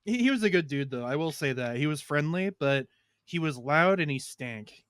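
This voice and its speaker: Rambling crude storyteller, smooth dry voice. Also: male voice, a little high, expressive, moderate pace, no room sound. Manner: rambling storyteller, loud shouted impressions. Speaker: podcast co-host. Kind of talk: casual crude chat.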